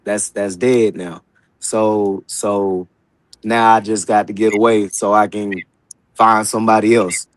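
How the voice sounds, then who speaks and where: A man's voice: on the low side, level tone, measured pace, no room sound, rough recording. Casual-talking man, dry close sound. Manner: loose, colloquial, restarts often. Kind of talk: casual discussion.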